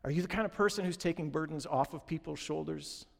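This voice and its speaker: A man's voice: fairly high pitch, quick pace, gravelly, big-room sound. A man preaching a sermon in an earnest, direct way, talking straight to his congregation. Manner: earnest, direct, addresses congregation as "you guys". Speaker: pastor.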